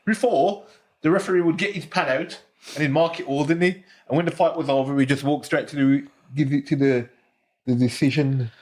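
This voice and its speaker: A man's voice: on the high side, steady tone, fairly quick, a little mellow. Black Country man, ex-boxer guest; easygoing chatter, leans on "you know". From Smethwick, Black Country, England. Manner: chatty, repeats phrases, many "you know"s. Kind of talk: casual podcast chat.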